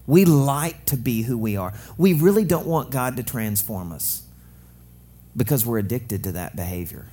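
Husky-voiced man preaching lively. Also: medium pitch, moderate pace. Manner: lively, joking preacher acting out quotes. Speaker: pastor. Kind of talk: sermon.

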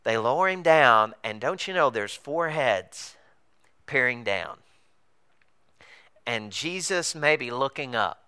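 A pastor preaching a sermon, telling a story with animated, acted-out dialogue. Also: male voice, slow pace, long pauses, clean tone. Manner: animated storytelling, acts out dialogue with big pitch swings.

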